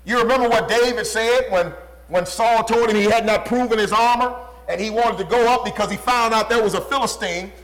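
A pastor preaching a sermon with an emphatic, repetitive cadence, often dropping low and quiet for stress. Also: male voice, brisk, low-quality recording.

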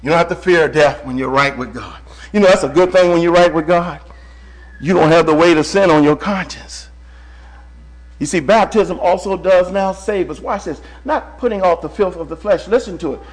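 A man preaches a sermon, swinging between shouts and hushed tones and addressing the congregation as brother. His voice is high and moves at a moderate pace.

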